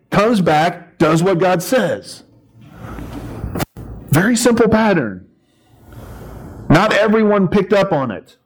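Middle-aged guy preaching, kinda high voice, storytelling with lots of funny asides and acted bits. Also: low-quality recording. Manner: animated storytelling, acting out voices and yells. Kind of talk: sermon.

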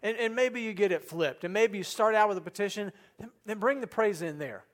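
A man preaching a sermon in an earnest way, asking the listeners questions and dropping soft and low for quoted prayers. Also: brisk. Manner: asks the congregation rhetorical questions. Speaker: pastor.

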